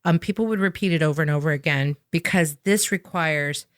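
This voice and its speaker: Deep-voiced and brisk, the sales trainer is recorded at studio quality with no room sound. Her improv background shows as she explains with energy and emphasis in a podcast conversation, often adding "right?" as a question.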